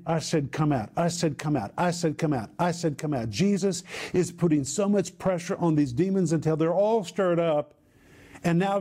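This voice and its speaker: A man's voice: a little high, mellow. A man teaching scripture in a preaching style, emphatic and fond of repeating phrases for stress. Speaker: Bible teacher.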